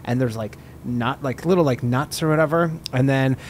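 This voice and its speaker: A man's voice: mid-range voice, moderate pace, a little hiss or hum. A man in his thirties chatting casually, telling stories with swearing and laughter. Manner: animated storyteller, swears, laughs through punchlines. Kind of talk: casual chat.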